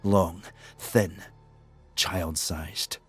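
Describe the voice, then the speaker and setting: A man narrating an audiobook thriller in a measured, tense storytelling manner. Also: low voice, steady tone, slightly rough, no room sound, faint music behind. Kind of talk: scripted narration.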